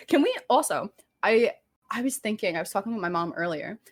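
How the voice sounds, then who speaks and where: A woman's voice: medium pitch, wildly swooping pitch, a little slow. A young woman from Staten Island co-hosting a podcast, chatting casually, laughing often and saying "like" a lot. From Staten Island, New York. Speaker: podcast co-host. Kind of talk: casual chat.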